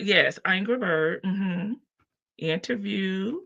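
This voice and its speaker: A woman's voice: mid-range voice, lively intonation, a little slow, bright, forceful tone, no room sound. A woman with a Southern US accent hosting a casual livestream, gossiping, laughing and teasing her chat readers. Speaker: livestream host. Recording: dull lo-fi stream audio.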